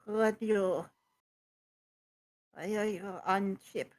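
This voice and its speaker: A woman's voice: mid-range voice, slow pace, natural voice. Woman putting on a tiny nervous kobold, talks all choppy and pleading. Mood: earnest. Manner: broken grammar, frightened pleading. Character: timid little male kobold, broken speech.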